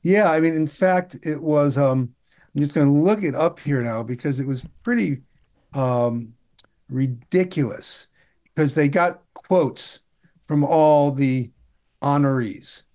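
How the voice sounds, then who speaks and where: A man talking politics in a relaxed chat, with a voice that sits a little high. He is wry and indignant and often restarts his sentences. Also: takes it slowly. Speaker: political commentator.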